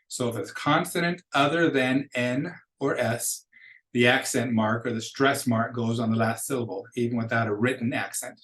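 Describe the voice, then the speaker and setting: A man teaching a beginning Spanish lesson, patiently explaining rules and modeling each word slowly before repeating it. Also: mid-range voice, fairly bright tone, low-quality recording. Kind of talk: recorded classroom lecture.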